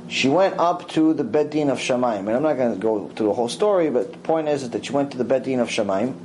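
A man giving a mussar lecture, telling a story with lively acted-out voices. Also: a little hiss or hum, rough recording. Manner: animated storytelling, acts out quoted voices with big pitch swings. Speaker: Torah teacher.

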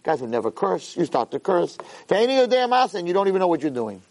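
Male rabbi teaching a Torah class, pitch on the higher side, very expressive, quotes Hebrew then explains. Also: fast talker. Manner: animated, reads Hebrew source lines then translates them. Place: room with a live audience.

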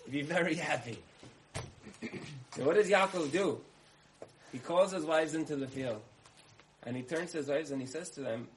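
A man's voice: fairly high pitch, normal speed, pauses often, a little hiss or hum, low-quality recording. A man giving a talk, telling parables in a conversational way, repeating phrases and asking his listeners questions. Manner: conversational, uses repetition and asks listeners questions. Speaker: speaker.

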